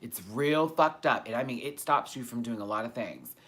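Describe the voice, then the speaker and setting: A man hosting a casual live-stream Q&A, talking candidly and swearing freely, with loud animated bursts that drop to soft, quiet asides. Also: mid-range voice, moderate pace. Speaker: YouTube host answering viewer questions.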